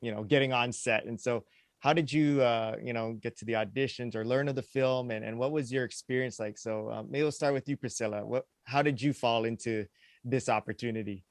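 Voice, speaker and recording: A man's voice: mid-range voice, steady tone, fairly quick, no echo. Hesitant male host, dry sound. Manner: hesitant, many restarts. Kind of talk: interview questions.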